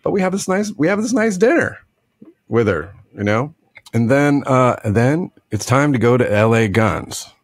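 A man's voice: medium pitch, animated, normal speed, husky, dry recording. A middle-aged man casually telling a story on a podcast, laughing often and acting out the other people in it with a put-on drawl.

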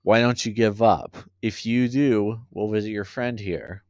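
A man reading the lines of a proud, scheming goddess in his own lowish voice, stumbling now and then. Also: fairly even intonation, a little slow, a little mellow, no echo, highs cut off. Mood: smug. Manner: stumbling restarts. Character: proud scheming goddess, female, cool and smug.

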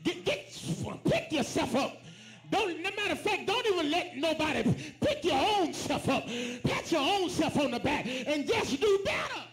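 A pastor preaching a sermon with call and response, rising to shouts. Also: male voice, very high voice, very animated, moderate pace. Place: church sanctuary. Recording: echoey church room.

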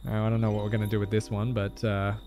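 A man's voice: on the low side, monotone, fast, dark tone, slight background noise. A male streamer commenting live on a game, joking and swearing as he plays and thanks his chat.

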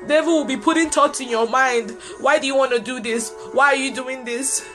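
A woman's voice: high voice, fairly even intonation, moderate pace, fairly bright tone, soft background music. A middle-aged woman preacher giving a personal, earnest sermon to online viewers, repeating lines for emphasis.

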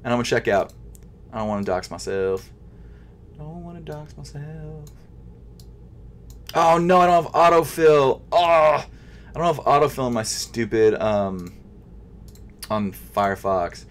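A young man giving casual running commentary as he tries to buy sneakers online, nervous and frustrated, swinging from loud outbursts to quiet mumbling, with keyboard typing behind him. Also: medium pitch, animated, moderate pace. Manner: nervous, stuttering. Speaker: sneaker vlogger. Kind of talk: casual live commentary while shopping online.

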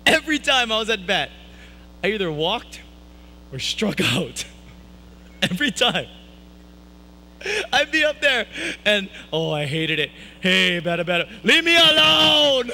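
A man's voice: high-pitched, sing-song, measured pace, long pauses, sharp tone, poor audio. A man preaching a sermon at a church service, telling stories in a playful, self-mocking way with jokey asides. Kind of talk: humorous sermon storytelling.

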